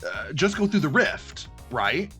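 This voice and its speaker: Over soft background music, a man with a somewhat high voice speaks at an unhurried pace. He co-hosts a casual podcast about a tabletop role-playing module, rambling in an animated way and laughing often.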